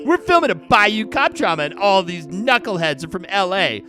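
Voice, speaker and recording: Brash, abusive film director in a video game , a man putting him on, high and bright, pitch swinging wildly. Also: big pitch swings, normal speed, music in the background. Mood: rude. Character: abrasive male film director, crude and arrogant.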